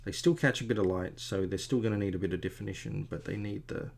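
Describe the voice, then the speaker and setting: A middle-aged artist with a fairly low, slightly mellow voice and some vocal fry talks quickly while he draws. His commentary is casual and tangential, and he often pokes fun at himself.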